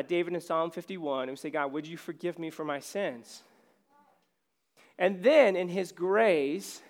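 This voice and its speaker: A man preaching a casual, conversational sermon on stage while his voice is going hoarse. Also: on the high side. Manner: casual, self-deprecating, conversational preaching with many fillers. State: losing his voice. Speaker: pastor.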